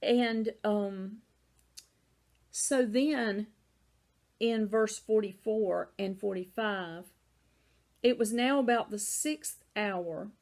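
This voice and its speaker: A woman's voice: mid-range voice, extremely slow, pauses often, a little mellow. A woman with a Southern American accent teaching a Bible lesson in a casual, conversational way, often saying "you know".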